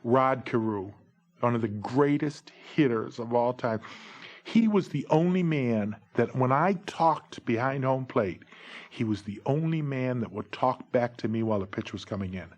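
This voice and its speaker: A man in his forties, a former baseball umpire, telling humorous stories in a lively, jokey way. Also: medium pitch, moderate pace. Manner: lively, jokey, breaks into shouted umpire calls. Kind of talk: humorous anecdotal storytelling.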